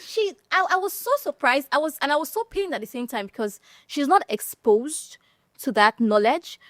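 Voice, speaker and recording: A woman from Nigeria on a discussion panel, telling stories in an animated way and laughing often. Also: high voice, moderate pace, no room sound, clean studio sound.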